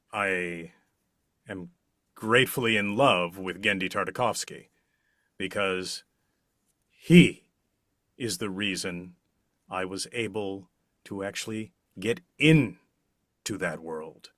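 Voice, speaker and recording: Middle-aged man, low voice, very slow, swelling emphasis, dry close sound. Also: no room sound. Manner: slow, expressive, with big swells on key words. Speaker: interview guest, voice actor. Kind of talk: relaxed interview answers.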